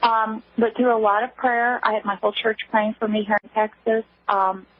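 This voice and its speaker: A woman guest calls in to a radio interview, her voice husky and slightly high. She halts and restarts often as she talks. The phone line is thin, tinny and dry. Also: steady tone, no room sound. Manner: halting, with many restarts. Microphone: telephone.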